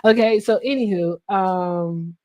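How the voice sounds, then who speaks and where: Speaking in a lowish, unhurried voice, a woman hosting a livestream tells a story in casual chat. She laughs throughout, curses frequently, and keeps the telling animated.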